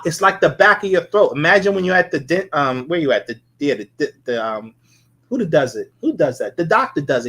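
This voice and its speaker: A man's voice: a little high, lively intonation, fairly quick, fairly bright tone. A man giving a casual live-streamed lecture, rambling and repeating himself as he sounds out syllables.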